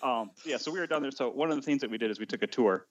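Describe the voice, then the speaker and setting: A man's voice: mid-range voice, very fast. A man telling a casual story on a podcast, hesitant with many fillers and easy laughs. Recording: dull lo-fi sound.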